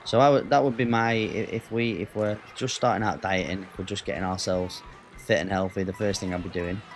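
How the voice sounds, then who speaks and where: A man's voice: deep voice, steady tone, brisk, soft background music. A man with an English accent chatting casually with his viewers as a gaming streamer, rambling and answering the chat.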